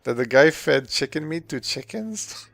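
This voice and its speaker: A man with a slightly sore throat, chatting casually with viewers while streaming a game, relaxed and full of fillers. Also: fairly high pitch, measured pace, vocal fry, no echo. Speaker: streamer answering chat questions. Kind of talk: casual live-stream chat while gaming.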